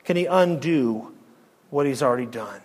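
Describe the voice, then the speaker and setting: A man preaching an expository sermon, emphatic, firing rhetorical questions and dropping to a near hush. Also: medium pitch, lively intonation, moderate pace, in a large hall.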